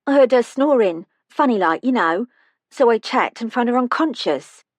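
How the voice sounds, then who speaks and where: A woman's voice: fairly high pitch, expressive, no echo, pitched above the performer's own voice. Figure: woman playing a jittery young care-home aide. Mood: nervous, evasive. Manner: evasive, hurried, deferential.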